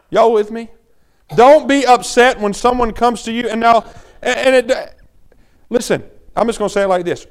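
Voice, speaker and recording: A man preaching a sermon, moving from quiet teaching to loud, urgent exhortation. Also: high voice.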